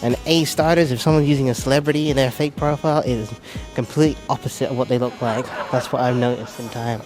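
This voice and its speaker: Music plays behind a young man doing stand-up on stage at a ball. He talks fast at a medium pitch, poking fun at himself and bringing his stories to life by acting out different voices.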